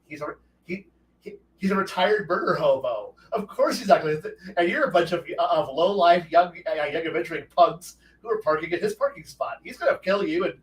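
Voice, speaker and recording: A man hosting a casual talk show, rambling and cursing freely as he muses about tabletop games. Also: on the high side. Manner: profane, rambling, animated with restarts. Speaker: host. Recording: roomy echo, distant from mic, faint noise.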